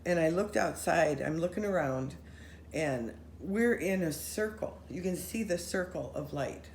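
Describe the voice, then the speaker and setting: Chatting casually with friends, a woman recounts a paranormal experience in a low-pitched voice at a measured pace. She's animated, runs her sentences together, and acts out what people said. The recording has a roomy echo and faint noise.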